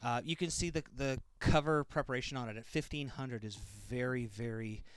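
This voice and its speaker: A man's voice: mid-range voice, normal speed, clear, resonant tone, no room sound. A man co-hosting a casual review chat, jokey and a bit rambling. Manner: jokey, chatty, slightly rambling. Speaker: co-host of a review show.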